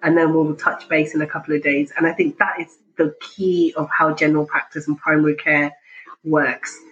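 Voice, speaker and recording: A woman working as a family doctor, talking in a jovial, animated way in an interview and laughing often. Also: sits low, moderate pace, dull audio, faint music behind. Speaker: GP, interview guest. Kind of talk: conversational interview.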